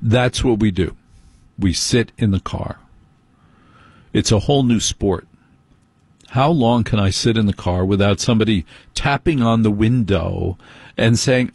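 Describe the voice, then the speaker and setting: A man's voice: lowish voice, moderate pace, darkish tone, slightly rough, no echo. A man hosting a late-night radio talk show, telling wry, grumbling stories with mock indignation. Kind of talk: casual comedic monologue.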